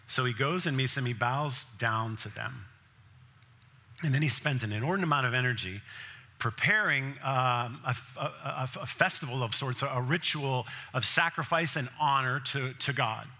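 A male pastor in the middle of a sermon, his voice very bright and ringing. He tells the scripture story casually, acting out the exchanges and leaning into the big moments with energy. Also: mid-range voice, normal speed. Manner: conversational storytelling, acting out the scenes; laughs often, grows emphatic and louder.

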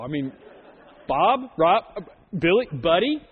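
A man's voice: a little high, very animated, unhurried, husky. A man preaching a sermon as pastor, joking and telling stories in a conversational way. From Oklahoma. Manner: conversational storytelling with jokes. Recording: muffled sound in a reverberant hall.

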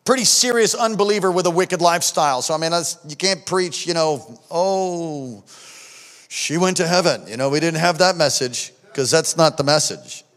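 A middle-aged male pastor delivers a sermon in a fairly high voice, telling personal stories with force. He drops to near-whispers, then rises to shouts. His words ring out with a long reverb that fills the church hall. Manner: emphatic storytelling preacher, swings from hushed to shouting.

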